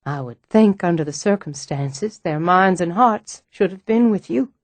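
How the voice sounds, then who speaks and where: A woman voicing a brisk, kind mature woman in an audiobook, firm and comforting. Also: lowish voice, expressive, no echo.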